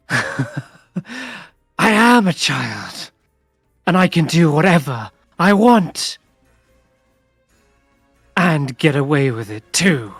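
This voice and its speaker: A boastful fiery spirit creature with the glee of a spoiled child, as a man puts it on, pitched well above an ordinary speaking voice. It taunts with a carefree, bratty lilt in a tabletop game. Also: big pitch swings, drawn-out words, pauses often, a bit bright, husky, dry recording, soft background music, exaggerated voice. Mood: gleeful taunting.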